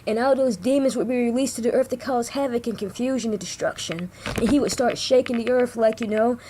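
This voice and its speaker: A woman with a fairly high but dark, mellow voice retells a story to her online viewers in a loose, rambling way, full of restarts and direct asides. A faint hiss of noise sits under the recording. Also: a little fast. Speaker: online discussion host. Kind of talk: casual spoken retelling of a book.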